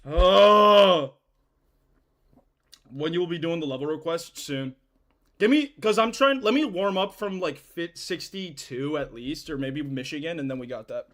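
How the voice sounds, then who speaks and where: A man's voice: fairly high pitch, lively intonation, unhurried, a bit bright. A young man casually chatting while livestreaming a game, rambling in slang and swearing freely. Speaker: game streamer.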